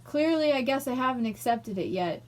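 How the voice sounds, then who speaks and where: A woman's voice: sits high, animated, normal speed, darkish tone. A young woman ranting angrily in a personal vlog, emotional and swearing. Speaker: vlogger.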